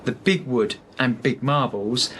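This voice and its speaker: A man talks as a podcast guest, chatty and full of stories, with lots of "um"s and false starts as he explains a product he sells. His voice sits at a middle pitch. A faint hiss sits under the recording. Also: measured pace, a bit bright. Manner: chatty storyteller, many fillers and restarts. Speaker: sales rep for architectural film, podcast guest. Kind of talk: casual podcast interview.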